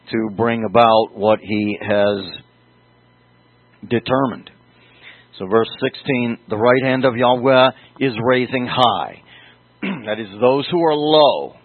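Slow man teaching Scripture over thin audio. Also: medium pitch, no room sound. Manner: slow, deliberate, explaining word meanings. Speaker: Bible teacher. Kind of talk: verse-by-verse sermon. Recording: dry, phone-like audio.

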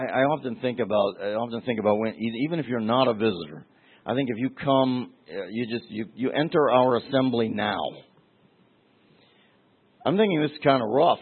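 A middle-aged man pastor preaching a teaching sermon, deliberate, with restarts and asides. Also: medium pitch, husky. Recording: tinny phone-like sermon recording.

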